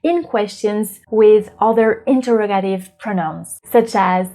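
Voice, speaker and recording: A woman from France hosting a language lesson, explaining patiently and clearly. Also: mid-range voice, a little slow, noisy background. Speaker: French teacher and channel host. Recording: light background music.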